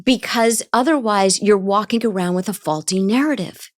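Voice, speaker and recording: A woman's voice: mid-range voice, moderate pace, no room sound, studio quality. A woman therapist in an interview, explaining ideas and often asking rhetorical questions. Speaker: therapist guest. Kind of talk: interview conversation.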